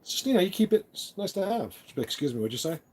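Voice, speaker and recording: A man's voice: high-pitched, very animated, fast, mellow, breathy edge. Rambling man chatting on a phone live stream. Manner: rambling, talks tough in jest. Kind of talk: casual live-stream chat.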